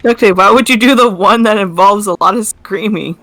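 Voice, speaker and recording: Young friend cohost, chatty, giggles a lot, middle pitch. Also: a little fast, fairly bright tone, no echo. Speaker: co-host friend on voice chat. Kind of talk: casual chat.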